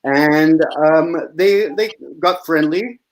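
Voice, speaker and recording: A man, an improv comedian, tells an anecdote on a video call in a dry, halting way full of "uh"s. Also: fairly high pitch, faint music behind, rough recording. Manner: dry, halting storyteller with many fillers. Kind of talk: casual video-call chat.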